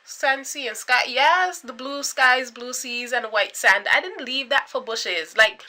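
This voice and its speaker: A young woman in her twenties with a Caribbean accent, chatting to camera in an animated, storytelling way. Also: high voice, measured pace. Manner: animated, chatty, full of filler likes and dramatic quoted reactions. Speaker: vlogger.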